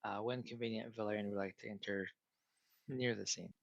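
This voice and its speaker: A man narrates his character's actions in a tabletop game, measured and full of small fillers. His voice sits low. The recording is dry and dull. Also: fairly even intonation, gravelly, no room sound. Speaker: player. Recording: dull lo-fi sound.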